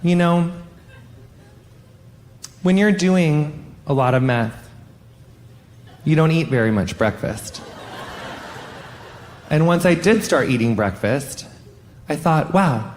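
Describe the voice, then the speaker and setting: A man doing a stand-up comedy set on stage, animated and swearing often, jumping up in pitch on punchlines. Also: slow pace, pauses often, a little hiss or hum. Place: stage in front of a live audience.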